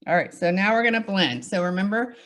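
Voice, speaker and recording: A woman's voice: mid-range voice, fairly quick, a bit bright. A woman with a Southern US accent giving a makeup demonstration, upbeat and reassuring as she walks through each step. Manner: upbeat, reassuring, chatty teaching. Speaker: makeup instructor.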